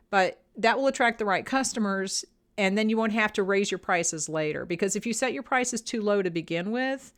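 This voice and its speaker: A woman's voice: mid-range voice, clean tone. A woman hosting a small business show, giving frank, conversational advice and telling stories in a casual way. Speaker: small business podcast host. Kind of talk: casual advice talk with storytelling.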